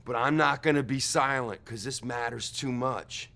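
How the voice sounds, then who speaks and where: A young man playing a rambling witness in a comedy sketch, telling a wild story and shouting out the quotes. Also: mid-range voice, normal speed, creaky. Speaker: mock witness.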